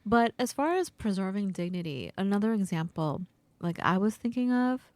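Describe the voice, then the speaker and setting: Woman, podcast co-host, casual chat, lively storytelling, dry close sound. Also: mid-range voice, normal speed, no room sound. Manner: animated storyteller, acts out quoted voices.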